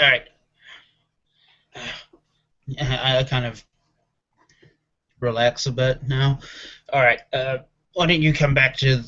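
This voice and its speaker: A man's voice: medium pitch, bright, forceful tone, highs cut off. A man playing a tabletop game, talking through his character's actions hesitantly. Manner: hesitant, thinking aloud with fillers. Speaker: player. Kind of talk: tabletop game play, casual.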